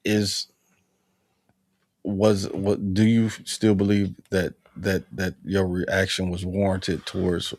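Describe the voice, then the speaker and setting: Gravelly, low-voiced host telling a story. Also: male voice, slow, dry recording. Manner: animated storyteller acting out both sides of quoted exchanges. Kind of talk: casual conversation, storytelling.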